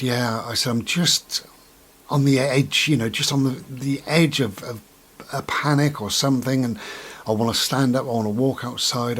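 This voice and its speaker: A man's voice: on the low side, husky. A man telling a personal story in a casual, rambling way, with many ums and asides. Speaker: vlogger.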